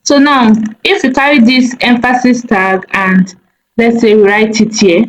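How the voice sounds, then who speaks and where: A woman teaching a coding tutorial over a screen recording, thinking aloud slowly with many fillers and small self-corrections. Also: on the high side, steady tone, a little hiss or hum, low-quality recording.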